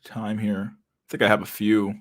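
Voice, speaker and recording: A man's voice: fairly low pitch, monotone, normal speed. A man hosting a casual livestream, reacting to memes with loose, profane talk and frequent laughter.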